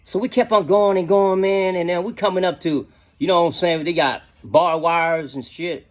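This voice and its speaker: A man's voice: high-pitched, steady tone, normal speed. A middle-aged man telling a casual story in slangy talk, often adding "you know what I'm saying".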